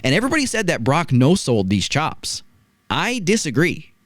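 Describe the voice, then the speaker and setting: Animated man reviewing a wrestling match. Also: on the high side, moderate pace, no room sound. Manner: animated storytelling, rhetorical "right?" asides. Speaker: wrestling podcast host. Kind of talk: casual review chat.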